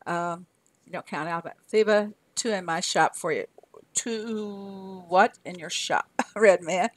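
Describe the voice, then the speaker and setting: An older woman from Arkansas with a Southern US accent streams games, chatting casually, laughing a lot and answering her chat out loud. Her voice is on the low side and slow, with no room sound.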